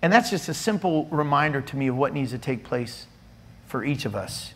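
A middle-aged male pastor preaching a sermon in a church, animated and teasing, playfully scolding his listeners. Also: mid-range voice, moderate pace.

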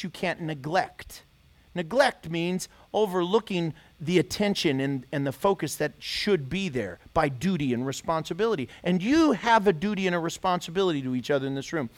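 A man preaching a sermon as pastor, pressing his listeners with repeated rhetorical questions. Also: high-pitched.

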